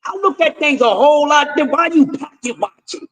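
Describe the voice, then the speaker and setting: A man with a very high, sharply bright voice rants through boxing commentary. He is profane and confrontational, lecturing his listeners and hammering the same points again and again. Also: brisk, poor audio. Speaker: host of a boxing talk stream. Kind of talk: ranting commentary.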